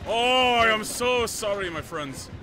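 A man doing a put-on posh English accent, voicing a haughty, old-fashioned gentleman with florid, mock-formal lines. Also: high-pitched, lively intonation, measured pace, pitched above the performer's own voice, full character voice. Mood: mock-apologetic. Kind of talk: comic role-play while streaming a game. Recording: game music behind the voice.

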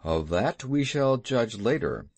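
Man doing a deep stern panther, kinda dry, storybook voice. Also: unhurried, dry recording, lightly acted. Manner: gasping, then dry and stern. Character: proud male black panther, tired from a fight. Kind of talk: storybook character voice.

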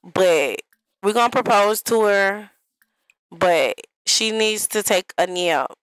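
A woman's voice: medium pitch, animated, takes it slowly, dry recording, rough recording. A young woman giving casual gameplay commentary in a life-sim game, chatty and talking straight to her viewers. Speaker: gaming vlogger.

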